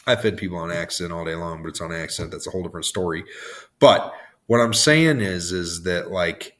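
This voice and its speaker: A man hosting a motivational podcast, his voice hoarse and worn out, rambling off on tangents and laughing at himself. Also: low voice, fairly quick, fairly bright tone. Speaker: podcast host.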